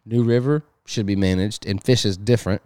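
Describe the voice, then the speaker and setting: A young adult man hosting a casual fishing podcast, rambling and repeating words, and getting animated when he tells a story. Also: on the low side, fairly quick, smooth, no room sound, clean studio sound. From Sneads Ferry, North Carolina. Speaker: podcast host, fishing guide captain.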